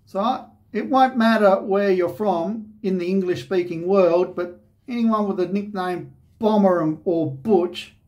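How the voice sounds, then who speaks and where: A man's voice: sits high, measured pace, a little mellow, dull audio. An Australian man, host of a shaving channel, telling a personal story in a rambling, conversational way with lots of "you know".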